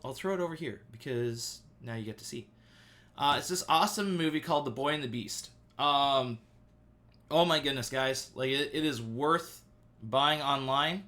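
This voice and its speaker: A man in his thirties chatting on a live stream from home, rambling and excitable, full of "um" and "like". His pitch sits in an ordinary middle range. He talks loosely and eagerly, like a friend telling a story. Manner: rambling and excitable, heavy on fillers. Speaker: livestream host. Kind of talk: casual live-stream chat.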